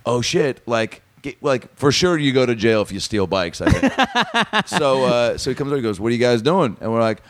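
A man's voice: mid-range voice, very animated, moderate pace, no room sound. A man on a comedy podcast, telling a rambling story and acting out the voices of the people in it. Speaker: comedian guest.

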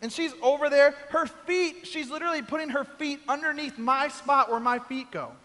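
A man preaches in a big church hall, spinning a comic story and acting out every quoted voice. His voice sits very high and sounds bright and forceful. A long reverb trails behind his words. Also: normal speed. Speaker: pastor. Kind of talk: sermon storytelling.

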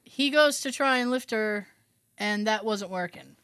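A woman's voice: medium pitch, a little slow, a bit bright, clean tone, dry recording, studio quality. A woman co-hosting a podcast, telling a family story in casual chat, swearing now and then and laughing as she goes. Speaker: podcast co-host.

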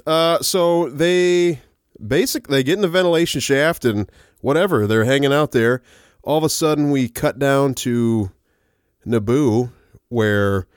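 A medium-pitched man co-hosts a podcast, casually recapping a film while laughing and acting out quoted lines. The audio is studio quality with no room sound.

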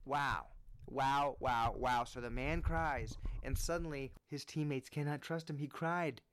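A man giving earnest, animated opinion commentary on sports, rising in pitch when he presses his point. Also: measured pace.

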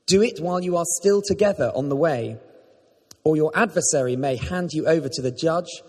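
A man reads a scripture passage aloud in a measured, steady way. His voice is fairly high and husky. It sounds distant, with a long church reverb. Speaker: scripture reader. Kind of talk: scripture reading. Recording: echoey church, far from the mic.

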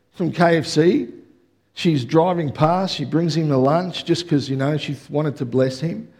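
Aussie pastor guy, middle-aged, high voice, preaching casual and punchy, keeps asking yeah?. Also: gravelly, husky. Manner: energetic, conversational preaching with audience check-ins. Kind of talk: sermon.

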